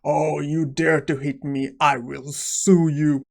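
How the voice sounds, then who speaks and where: A man's voice: medium pitch, level tone, measured pace, creaky, dark tone. A man voicing an arrogant rich rival who blusters and threatens. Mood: scornful.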